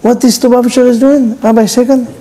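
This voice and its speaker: A man's voice: extremely high pitch, little pitch movement, fast talker, warm tone, poor audio. A male rabbi giving a sermon in non-native English, animatedly telling a story and acting out its dialogue.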